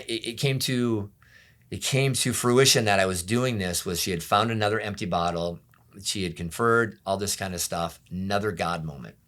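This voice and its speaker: A man with a very deep, low voice, speaking as a pastor in a sit-down interview. He tells his story candidly and softly, often trailing into a murmur, and briefly acts out what others said to him. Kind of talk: personal testimony interview.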